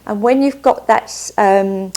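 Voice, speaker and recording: A woman's voice: medium pitch, takes it slowly, dark tone. A woman doing a casual tarot card reading, upbeat and chatty, often stopping to add asides. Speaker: tarot reader.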